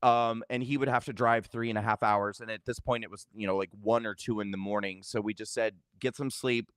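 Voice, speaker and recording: A man's voice: lowish voice, fairly even intonation, fairly quick, smooth, no echo, studio quality. A middle-aged man recounting a family event in a vlog, hesitant, with many fillers and restarts. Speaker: vlogger. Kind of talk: personal storytelling to camera.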